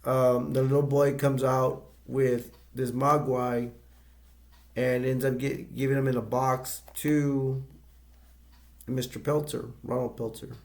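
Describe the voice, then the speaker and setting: Gravelly man rambling through a movie review. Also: mid-range voice, level tone, darkish tone. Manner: rambling, halting retelling with many restarts.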